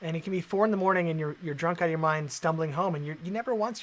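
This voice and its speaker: A man's voice: a little high, very fast, a little hiss or hum. A man, chatting casually on a stream, laid-back and swearing often.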